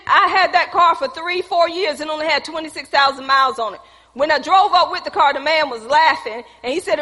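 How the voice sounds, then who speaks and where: A woman's voice: high-pitched, pushed and bright. A woman preacher telling a personal testimony in a sermon, addressing the congregation as y'all. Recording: long hall reverb.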